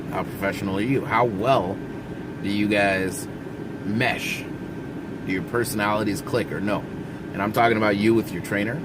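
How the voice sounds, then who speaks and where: Blunt trucker man, low voice, engine hum. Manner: blunt, folksy, talks directly to viewers. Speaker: truck driver vlogger. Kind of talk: casual advice monologue. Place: inside his truck cab.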